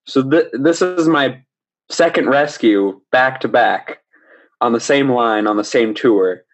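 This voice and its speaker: A young man, a podcast guest, telling a story in a casual, animated way, often laughing. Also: medium pitch, takes it slowly. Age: young adult. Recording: slightly dull lo-fi recording.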